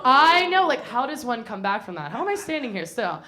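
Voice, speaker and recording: A woman's voice: a little high, very animated, fast talker. A young woman from North Carolina telling a comedic story on stage, chatty and self-mocking, laughing at her own jokes. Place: small theater stage before a live audience.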